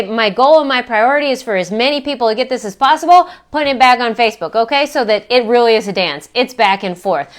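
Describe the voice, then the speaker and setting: A middle-aged woman with a high, bright-sitting voice talks through her own feelings as a self-help coach. She is frank and self-questioning and drops a casual swear word now and then. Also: clear, resonant tone. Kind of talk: candid personal vlog talk.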